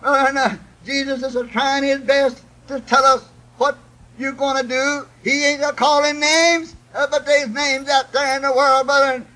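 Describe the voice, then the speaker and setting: A man preaching a sermon, putting a breathy "uh" between phrases. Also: very high-pitched, fairly bright tone, poor audio. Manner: chanting, with "uh" after each breath and repeated "God bless your heart". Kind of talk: old-time preaching sermon.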